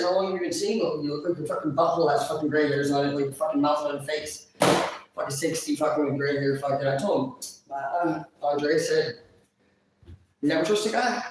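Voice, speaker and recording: A woman's voice: low-pitched, recorded from a distance, slight background noise. Blunt foul-mouthed woman in an echoey room. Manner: blunt, profane, quick to laugh. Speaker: livestreamer. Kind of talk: casual livestream chat.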